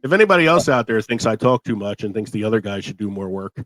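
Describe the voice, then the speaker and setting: A man's voice: lowish voice, animated, quick pace, a bit bright, dry recording, low-quality recording. A talkative man hosting a casual podcast chat, laughing often, with a sore throat and a voice that is wearing out. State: sore throat, losing his voice. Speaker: podcast host.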